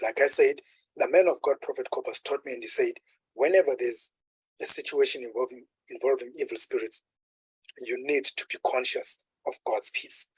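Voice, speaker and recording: A man preaching in a very husky, breathy voice, recorded dry and close. He teaches at an unhurried pace and poses rhetorical questions. He sinks to near-whispers when he speaks of stillness. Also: mid-range voice, dry recording, rough recording. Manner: unhurried teaching with rhetorical questions, dropping to a hush on calm words. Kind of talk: sermon.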